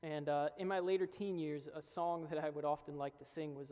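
With a steady, darkish tone and a fairly high pitch, a young pastor preaches fairly quickly, earnest and rising to emphatic peaks. Faint music sits under the reverberant acoustics of the church hall.

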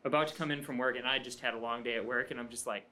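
Quiet, easygoing man chatting on a podcast. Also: mid-range voice, fairly even intonation. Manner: quiet, easygoing, halting with fillers. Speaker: podcast guest. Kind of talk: casual chat.

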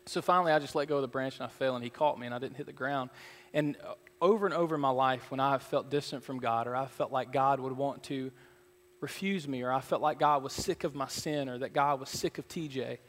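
A man preaching a sermon from the pulpit, earnest and building to loud, emphatic passages. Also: medium pitch, a little fast. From Georgia, USA. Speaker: pastor. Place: church sanctuary. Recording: church hall reverb.

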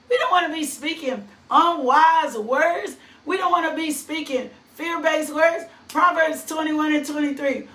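A high-voiced woman preaching with fervor, her words slow and drawn out, bursting into shrill whoops between lines of scripture. She sounds set back from the microphone in an echoing room. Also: distant mic. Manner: fervent, repeats phrases, sudden high whoops and shouts; reads scripture verses aloud. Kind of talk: impassioned sermon. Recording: echoey room, voice off-mic.

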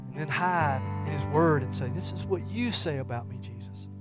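A middle-aged man preaching a sermon as a church pastor, moving between loud, fervent declarations and soft, earnest talk. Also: on the high side, normal speed. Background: guitar music.

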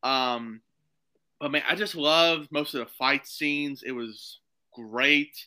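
A man chatting as a podcast guest, rambling excitedly with lots of fillers. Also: mid-range voice, slow, poor audio. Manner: excited, rambling, full of "like" and "you know". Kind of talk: casual chat.

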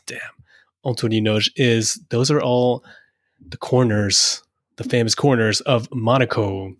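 A man from France co-hosting a podcast in casual chat, laughing often and quick with asides. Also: medium pitch, steady tone, no echo, clean studio sound. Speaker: podcast co-host.

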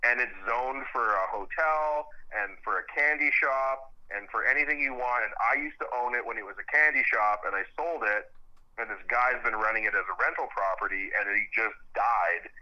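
A man's voice: medium pitch, normal speed, muffled recording, natural voice. A man voicing a chatty old woman neighbor who breezily tells him about a house for sale. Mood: breezy.

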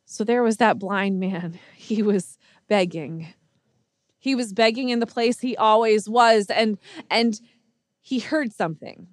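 Slow-speaking woman preacher. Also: medium pitch, no echo, clean studio sound. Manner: earnest storytelling with many restarts. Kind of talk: sermon.

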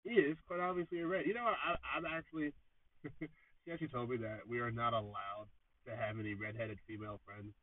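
A man's voice: fairly quick, no echo. Sarcastic man, thin phone-like podcast audio. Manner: sarcastic, self-mocking, theatrical swings in pitch and volume. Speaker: podcast host. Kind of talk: joking solo podcast monologue. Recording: tinny phone-like sound, distant from mic.

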